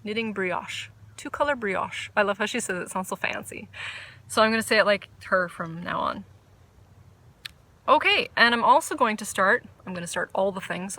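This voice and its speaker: A woman hosting a casual knitting podcast outdoors, chatty, excitable and self-deprecating. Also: mid-range voice, vocal fry. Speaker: podcast host. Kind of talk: casual chat about knitting. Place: outdoors under a tree.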